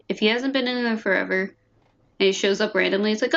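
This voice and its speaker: A woman's voice: medium pitch, fast talker, vocal fry, lo-fi sound. A young woman streamer chatting and giggling casually while playing a story game. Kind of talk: casual game playthrough commentary.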